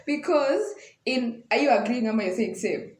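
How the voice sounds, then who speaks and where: Young Kenyan woman, podcast co-host, jokey and dramatic, fairly high voice, roomy sound. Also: lively intonation, moderate pace, darkish tone. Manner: playful, joking, dramatic asides. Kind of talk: casual chat.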